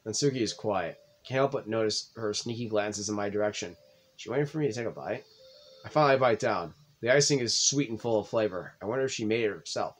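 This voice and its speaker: A man hosting a let's play, reading visual novel narration aloud in a plain, slightly halting way. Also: on the low side, a little hiss or hum.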